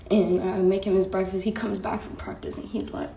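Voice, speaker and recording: A woman's voice: mid-range voice, flat delivery, fairly quick, creaky, few pauses, dark tone, a little hiss or hum. A young woman vlogger telling a personal story casually and emotionally, full of slang and fillers. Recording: echoey room.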